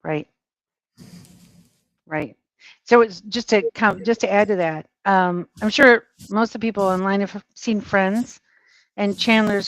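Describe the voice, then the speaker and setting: A woman's voice: mid-range voice, unhurried, no echo, rough recording. A woman guest in a casual chat, speaking emphatically and explaining her points with acted-out examples.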